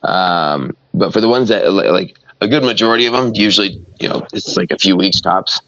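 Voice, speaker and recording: A man's voice: deep voice, a little fast, a bit bright, no room sound, lo-fi sound. A podcast guest, a man, rambling in casual chat with many filler words.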